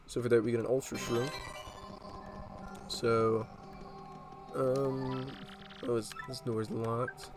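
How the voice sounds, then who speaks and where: A man's voice: medium pitch, takes it slowly, pauses often, rough recording. Guy doing chill lets play commentary, lots of ums, mid voice, game music playing. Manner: relaxed, rambling with many fillers. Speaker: let's play host. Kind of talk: casual gameplay commentary.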